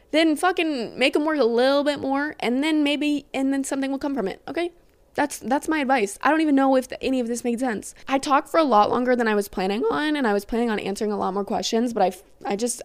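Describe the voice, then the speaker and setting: A woman's voice: mid-range voice, no echo. A young woman hosting a podcast, giving blunt, sassy dating advice in a casual monologue, peppered with "like" and swearing. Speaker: podcast host.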